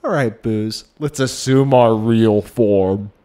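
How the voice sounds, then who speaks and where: A man's voice: lowish voice, takes it slowly, dark tone. A man voicing a taunting male ghost boss from a video game, reading its lines in a mocking, theatrical way.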